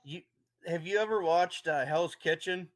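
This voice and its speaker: A man on a casual podcast, asking relaxed, drawn-out questions as a guest. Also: on the high side, dry recording. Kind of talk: casual chat.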